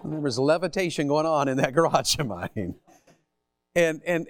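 A man's voice: on the high side, animated, brisk, no room sound. A man preaching a sermon, telling folksy stories and asking the congregation rhetorical questions.

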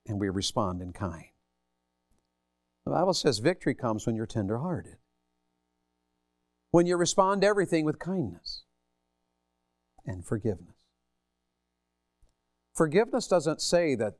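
A man preaching in a folksy, storytelling way, asking the congregation one rhetorical question after another. His voice sits at an ordinary pitch for a man. The sound is close and dry. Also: very animated, moderate pace, pauses often, dry recording. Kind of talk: sermon.

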